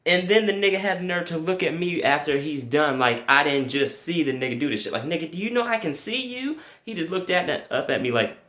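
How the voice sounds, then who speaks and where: A young man telling a comic story with crude language, jumping to high yelps when quoting himself. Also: a little fast, few pauses, reverberant. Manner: animated, profane, jumps to high yelps for quoted reactions. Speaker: comedic storyteller.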